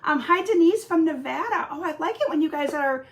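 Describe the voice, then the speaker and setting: Woman, high voice, slightly hoarse, chatty craft livestream host, lots of ums. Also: animated, brisk. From Michigan, US. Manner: chatty, greets viewers by name, many fillers. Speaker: craft demonstrator hosting a weekly live stream. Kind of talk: casual live-stream chat with viewers.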